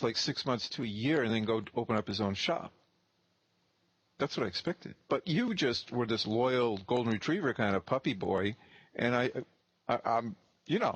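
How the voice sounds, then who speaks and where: A man's voice: mid-range voice, animated, moderate pace, husky, no room sound. Blunt, profane man telling a story. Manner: blunt, profane, acts out both sides of the dialogue. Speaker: real estate investor and teacher. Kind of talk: casual storytelling.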